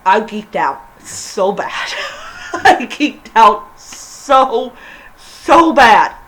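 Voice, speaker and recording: Woman gushing about a tv episode, slow and halting, keeps restarting sentences. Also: medium pitch, fairly bright tone, poor audio. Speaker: vlogger reviewing TV episodes. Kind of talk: casual spoken review.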